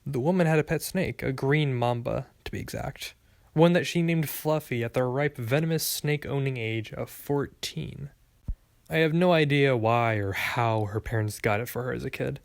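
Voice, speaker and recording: A man's voice: mid-range voice, moderate pace, vocal fry, dry recording. A man reading a first-person story aloud with a wry, sarcastic delivery. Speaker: audiobook narrator.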